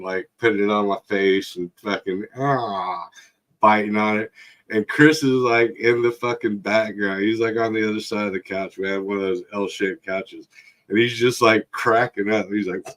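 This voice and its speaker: A man tells crude stories in a casual chat, his voice sitting fairly low. He swears freely and often breaks into laughter. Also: fairly bright tone. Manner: profane, laughing storyteller.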